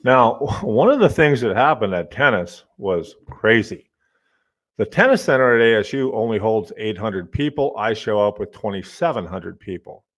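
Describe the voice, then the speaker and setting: A middle-aged man, a college professor hosting his own podcast, telling casual stories in a lively way, swearing now and then and muttering to himself as he fiddles with his desk microphone. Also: on the low side, normal speed. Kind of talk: casual storytelling monologue.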